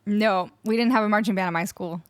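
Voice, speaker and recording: A woman's voice: mid-range voice, fast talker, no room sound. A woman from Canada chatting casually on a live music stream, greeting viewers and reading out their chat messages. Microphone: studio microphone.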